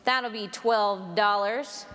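A woman voicing a slow, blunt burly farmer. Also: medium pitch, a bit bright, in a large hall, soft background music. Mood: deadpan. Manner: slow, plain-spoken drawl.

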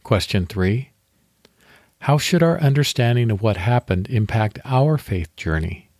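A man hosting a devotional podcast, reading scripture slowly and leading a guided meditation. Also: fairly low pitch, lively intonation, darkish tone, no room sound, clean studio sound.

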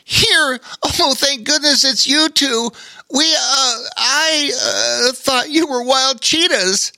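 A man's voice: very high voice, takes it slowly, sharp tone, no room sound, studio quality, voice pushed up, exaggerated voice. A man voicing a small, timid male otter in a children's story, nervous and stammering. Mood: worried. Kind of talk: storybook character voice.

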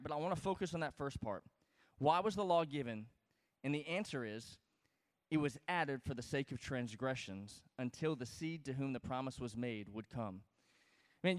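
A man's voice: a little high, big-room sound. A man teaching scripture as a pastor, emphatic and conversational, often checking in with his listeners. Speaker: pastor teaching a Bible study. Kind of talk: expository sermon.

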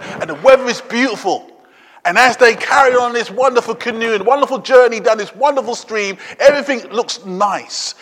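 A man preaching a sermon, swinging between loud urgent appeals and quiet, low asides. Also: big-room sound, slight background noise.

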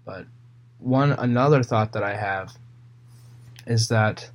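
A man reading Bible passages aloud and retelling them casually in his own words, with fillers and pauses. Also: lowish voice. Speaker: Bible reader.

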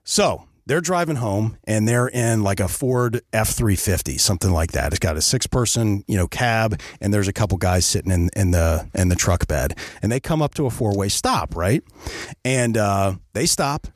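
A man's voice: lowish voice, animated, normal speed, no room sound, clean studio sound. A man hosting a comedy podcast, telling a story in a conversational way and often checking in with his listeners. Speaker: podcast host.

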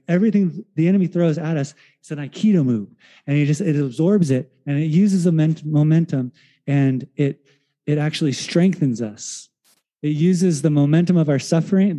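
A male pastor preaching a sermon in a loose, conversational way, telling stories and acting out voices as he goes. His voice is very warm and mellow, sitting a touch higher than most men's. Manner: conversational storytelling with fillers, acts out quoted voices.

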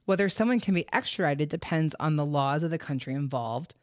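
A woman's voice: deep voice, a little fast, dry recording, studio quality. A woman hosting a true crime podcast, telling the story in casual, chatty talk full of fillers and the odd swear word. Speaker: podcast host.

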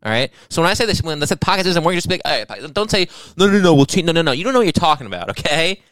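A man's voice: a little high, very animated, rapid-fire, a bit bright, dry recording. A young man co-hosting a podcast, teasing and swearing, laughing often in casual banter. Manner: teasing, profane, laughs a lot. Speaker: podcast co-host.

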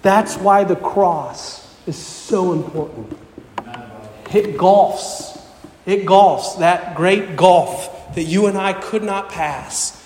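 A man's voice: high-pitched, extremely slow, a little mellow, a little hiss or hum. A man preaching a sermon as pastor, with a fervent, repetitive preaching cadence. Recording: echoey hall with long reverb.

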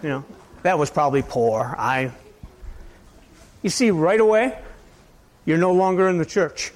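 A man preaching a sermon in a conversational, rambling way, asking his listeners question after question and swinging between loud and soft. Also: a little high, expressive, unhurried. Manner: conversational, asks the audience many questions. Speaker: pastor.

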